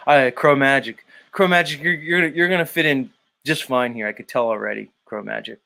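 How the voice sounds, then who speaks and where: A man's voice: medium pitch, normal speed, vocal fry, pushed and bright. A man hosting a casual live stream, reading chat messages aloud and bluntly teasing viewers. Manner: blunt, teasing, swears freely. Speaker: live stream show host.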